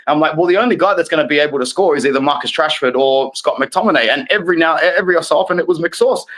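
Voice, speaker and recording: A man's voice: fairly high pitch, a bit bright, rough recording. A man, a guest in a casual football chat, talking with passion and rambling on. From Australia.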